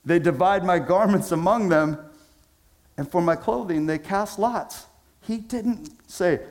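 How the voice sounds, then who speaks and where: A man preaching a sermon as pastor, casual and conversational with slang, swinging between loud emphasis and hushed low phrases. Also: a little slow.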